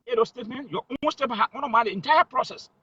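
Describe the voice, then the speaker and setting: A man's voice: extremely high pitch, very fast, bright, forceful tone, husky, dry recording, dull audio. A man giving heated political commentary, emphatic and full of rhetorical questions.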